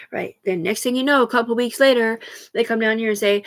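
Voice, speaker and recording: A woman's voice: a little high, fairly quick. A woman talking alone on a live stream in a rambling, profane, agitated way, jumping from thought to thought.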